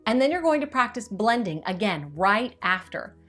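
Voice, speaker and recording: A woman's voice: medium pitch, very animated, fairly bright tone. Upbeat teacherly woman, faint music behind. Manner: clear, upbeat teacherly delivery with slow demonstrative stretching of words. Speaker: teacher giving tips to parents. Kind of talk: instructional video.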